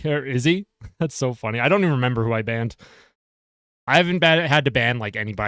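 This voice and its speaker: A man talks through a hockey game on his live stream in a relaxed, chatty way, reading viewer comments and replying. His voice is smooth and clear at a middle pitch. The sound is dry and close, with no room around it. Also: no echo. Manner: chatty, reads chat aloud and answers viewers.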